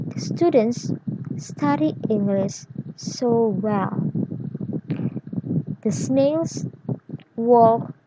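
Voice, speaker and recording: Slow, deliberate woman teaching grammar. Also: a little high, noisy background. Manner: slow, deliberate, enunciating example words. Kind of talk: explanatory grammar lesson.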